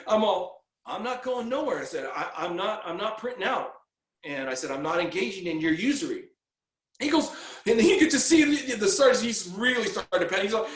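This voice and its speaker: Echoey, higher-pitched man telling a rambling story. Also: expressive, a little fast. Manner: rambling, repeats words, acts out quoted exchanges. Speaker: guest telling his story. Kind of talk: casual storytelling.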